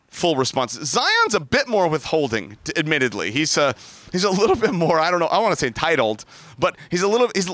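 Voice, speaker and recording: A man in his thirties, a pastor preaching outdoors by the water, telling lively family stories and doing playful voices for his kids. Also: on the high side, no echo. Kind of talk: sermon. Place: outdoors by a large body of water.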